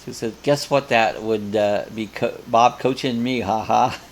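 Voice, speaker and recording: A man's voice: mid-range voice, unhurried, slight background noise. An older man hosting a live coffee chat, casually reading viewer comments aloud and rambling between them.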